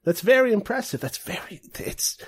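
A soft-spoken old grandfather figure, voiced by a man running the game, friendly on the surface but sharp underneath. He talks gently, with a sad edge, in a voice pitched up from the narrator's own. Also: very animated, moderate pace, slightly rough, heavily acted. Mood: curious, earnest.

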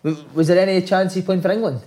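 Casting: male host, high-pitched, jokey and encouraging. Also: fairly even intonation, fast, a little mellow. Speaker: interviewer. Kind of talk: casual chat interview.

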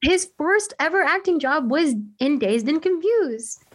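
A woman's voice: sits high, expressive, a little slow. A woman in casual chat, telling a story in a rambling way with lots of "like" and restarts. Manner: rambling, heavy use of "like" and restarts.

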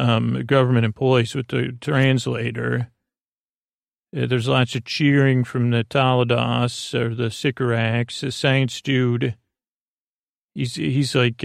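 A man hosting a sleep podcast, recapping an episode in a rambling, hesitant way with many pauses. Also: medium pitch, creaky, no echo, studio quality. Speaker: podcast host.

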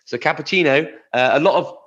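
A man's voice: fairly high pitch, brisk, fairly bright tone, dull audio. A man co-hosting a podcast, chatting casually and rambling through word origins. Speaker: podcast co-host. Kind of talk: casual chat.

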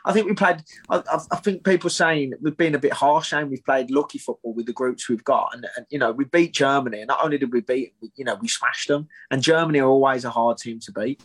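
A man with a husky voice at an ordinary middle pitch, chatting as a podcast guest. He talks thoughtfully and often trips over his first words before finding his point. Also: fast, few pauses, a bit bright. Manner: thoughtful, repeats words as he starts. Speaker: guest, bare-knuckle fighter. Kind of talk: casual podcast chat.

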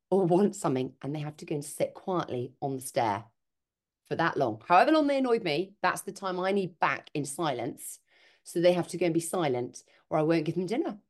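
A woman with a lower voice talks through her parenting ideas on a podcast. She is animated and swings into quoted voices as she explains. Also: brisk. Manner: animated, acts out quoted speech. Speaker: podcast guest, author. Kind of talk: conversational interview.

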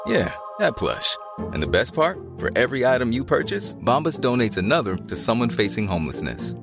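A man's voice: mid-range voice, sing-song, brisk. A man reading a scripted advertisement. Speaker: ad announcer. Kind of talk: scripted ad read. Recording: music bed behind.

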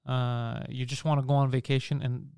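With a mid-range, smooth voice at normal speed, this Greek-family podcast co-host sounds clean and studio-recorded, with no room sound. He chats casually, telling lively stories peppered with frequent swearing.

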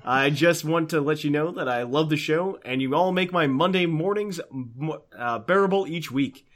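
A man's voice: on the high side, normal speed. A man co-hosting a casual podcast, reading listener mail in a laid-back, jokey way. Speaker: podcast co-host.

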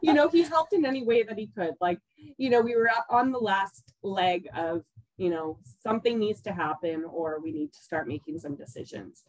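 A woman speaking as a podcast guest in relaxed conversation. She laughs easily and trails off with "um" and "you know" as she talks. The recording is close and dry, with no room sound. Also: medium pitch, normal speed, no echo, poor audio. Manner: laughs often, trails off with fillers. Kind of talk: casual conversation.

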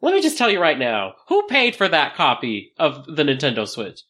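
A man reads a listener's email on a podcast in a casual chat voice, breaking in with playful asides. His pitch sits slightly high and swings widely. The delivery stays animated throughout. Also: normal speed. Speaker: podcast co-host.

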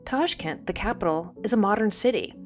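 A woman in her forties from Southern California, hosting a podcast with lively, playful scripted storytelling. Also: medium pitch, brisk, faint music behind. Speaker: podcast host.

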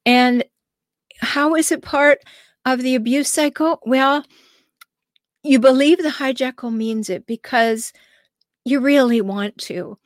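A woman with a high-pitched voice speaks slowly, leaving long pauses, as she hosts her relationship-coaching podcast in a solo advice monologue. She addresses the listener directly with many rhetorical questions, and the recording is dry and studio-clean.

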